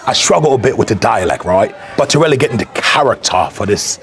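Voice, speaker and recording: A man's voice: fairly low pitch, lively intonation, quick pace, vocal fry. A man voicing a pompous, rambling male film actor with a put-on British accent in a comedy sketch.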